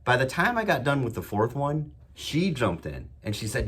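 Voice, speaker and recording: A man's voice: mid-range voice, big pitch swings, fairly quick, fairly bright tone, breathy edge. A man hosting his own show, talking in an enthusiastic, emphatic motivational monologue with a lot of repetition. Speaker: podcast host.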